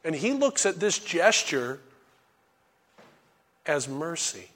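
A middle-aged male preacher with a fairly high voice teaches scripture in a relaxed, conversational way. He slips into folksy asides, then jumps into loud bursts when he acts out a line. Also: slow pace. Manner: animated, acts out characters' lines in sudden loud bursts. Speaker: pastor teaching a Bible study. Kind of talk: sermon.

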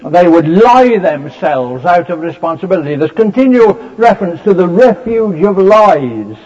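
A man preaching a sermon, explaining scripture in a measured way with many fillers and restarts. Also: high-pitched, sing-song, darkish tone. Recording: dull lo-fi recording.

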